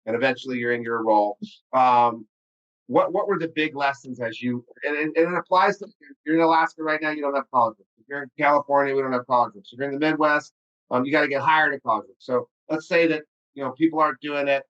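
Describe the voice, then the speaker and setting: A man's voice: mid-range voice, fast, a bit bright, lo-fi sound. A man hosting a podcast interview, asking pointed questions emphatically and repeating words as he presses a point. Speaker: podcast host. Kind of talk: casual interview talk.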